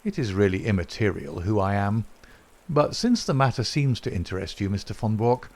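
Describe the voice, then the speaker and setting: A composed gentleman detective speaks with measured courtesy and dry irony, as a male reader brings him to life. He delivers each line slowly and evenly, never raising his voice. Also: lowish voice, natural voice. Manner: measured, courteous and dryly ironic. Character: calm wry gentleman detective, male, middle-aged.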